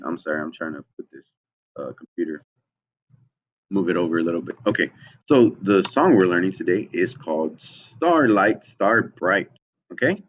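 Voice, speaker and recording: Patient male music teacher, lo-fi sound. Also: low voice. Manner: patient, repeats "okay?" often, checks in with the children. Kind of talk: online music lesson for children.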